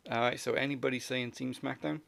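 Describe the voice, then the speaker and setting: Gravelly-voiced man hosting a wrestling chat. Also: mid-range voice, steady tone, fairly quick, fairly bright tone. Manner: laughs often, runs the segments. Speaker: podcast host. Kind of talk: casual wrestling podcast chat.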